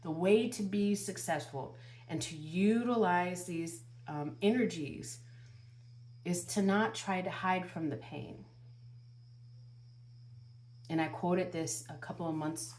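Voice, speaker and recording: A woman's voice: on the low side, a little slow, a little mellow. A woman tarot reader speaking earnestly to her viewers, asking one rhetorical question after another and repeating phrases as she gives spiritual guidance. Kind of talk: channeled spiritual guidance monologue.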